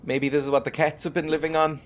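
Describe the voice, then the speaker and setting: A man's voice: on the high side, flat delivery, fast talker, noisy background. A man giving wry, joking commentary as he plays a game, talking to the game and to viewers. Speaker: gaming video host. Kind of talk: casual let's-play commentary.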